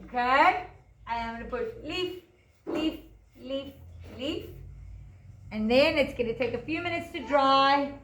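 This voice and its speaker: A woman, a teacher telling a fairy tale to young children and guiding a craft, in a gentle sing-song voice that stretches words out. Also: sits high, a little slow, pauses often, roomy sound, noisy background. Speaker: preschool teacher. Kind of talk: storytelling and craft lesson for children.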